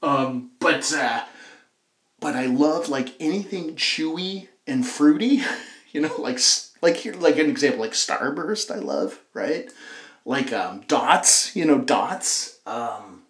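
A man's voice: fairly high pitch, expressive, slow, a bit bright. Chatty man rambling in an echoey room. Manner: chatty, self-deprecating, many fillers. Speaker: podcast host. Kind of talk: rambling casual monologue.

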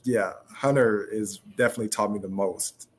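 Soft-spoken, halting young man. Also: on the low side, steady tone, breathy edge. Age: young adult. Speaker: guest, pro football wide receiver. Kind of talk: casual interview talk.

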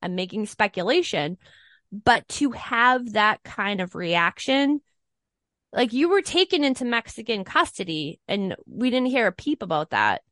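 A woman's voice: mid-range voice, very animated, a little slow, a bit bright, no echo, studio quality. A woman co-hosting a casual podcast chat, rambling and stuttering as she talks. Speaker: podcast co-host.

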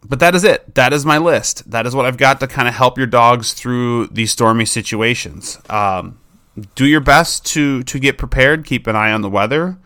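A man, a dog trainer, giving casual advice in a chatty way, with many fillers and restarts and lively acted-out quotes. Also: fairly low pitch, smooth, no echo, studio quality. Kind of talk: casual advice talk to camera.

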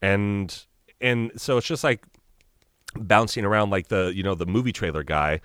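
A man's voice: lowish voice, normal speed, fairly bright tone, clear, resonant tone, no echo, clean studio sound. A man chatting as a podcast guest over a video call, rambling with many fillers and a joking tone. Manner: rambling, lots of fillers, jokey. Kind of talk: casual chat.

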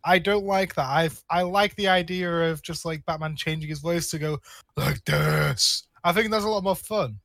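Man, young adult, podcast co-host, bright tense voice, slightly high, blunt and playful. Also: fairly quick, few pauses, dry recording. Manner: blunt, opinionated, playful riffing. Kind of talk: casual film review chat.

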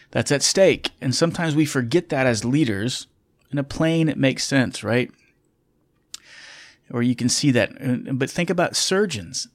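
A middle-aged man, a former military officer turned pilot, telling a story in a candid, reflective way with fillers and restarts. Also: medium pitch. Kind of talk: casual storytelling.

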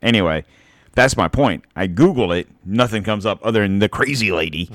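A man's voice: lowish voice, animated, brisk, dry recording, clean studio sound. A man on a podcast chatting casually, joking, swearing and rambling, a few beers in and burping. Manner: rambling, joking, profane, laughs often. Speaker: podcast co-host.

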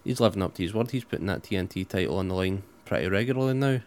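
A man's voice: low voice, racing, a little mellow. A man co-hosting a casual wrestling chat, dry and matter-of-fact with some swearing. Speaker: wrestling podcast co-host.

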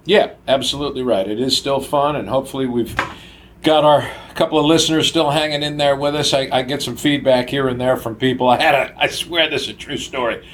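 A man's voice: mid-range voice, fairly even intonation, fairly quick, a little hiss or hum. An older man co-hosting a casual podcast, telling stories and laughing often. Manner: laughs often, acts out quoted voices. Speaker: podcast co-host. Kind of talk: casual storytelling chat.

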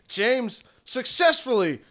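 A man's voice: very high voice, big pitch swings, extremely slow, fairly bright tone, slight background noise. A man narrating as game master of a tabletop game, playful and laughing often.

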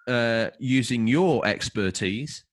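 A man's voice: mid-range voice, takes it slowly. A man co-hosting a podcast, chatting casually and reading out an overview with wry, opinionated asides. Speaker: podcast co-host.

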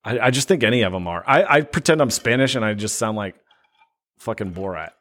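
A middle-aged man co-hosting a casual podcast, trading jokes and slipping into silly voices. His pitch moves around a lot. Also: lively intonation, fairly quick, a bit bright. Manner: jokey, drifts into mock accents. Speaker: podcast co-host. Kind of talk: casual banter.

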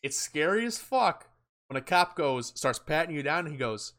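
A young man with a bright, forceful voice spins a story on a casual podcast. He swears freely and acts out the quotes of the people in it. His delivery is animated. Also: a little high, brisk. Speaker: podcast co-host.

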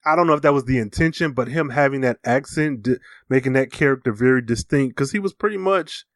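A man's voice: medium pitch, fast talker, no room sound, clean studio sound. Laid-back male podcast co-host. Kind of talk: casual movie discussion.

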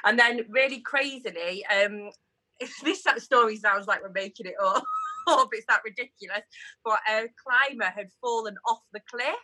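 A young woman chats as a guest and tells a long story in a lively, rambling way. Her voice is bright and forward. The recording is close and dry. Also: fairly high pitch, normal speed, no echo. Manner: animated, chatty storyteller. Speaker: guest, engaged partner. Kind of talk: casual chat.

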